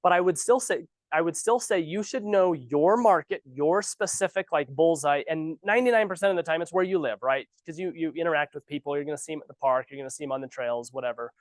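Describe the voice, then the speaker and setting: A man's voice: a little high, fast, few pauses, no echo. Ranting man coaching new realtors. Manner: animated, ranting, sarcastic asides. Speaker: real estate trainer. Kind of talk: casual training talk. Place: office training room.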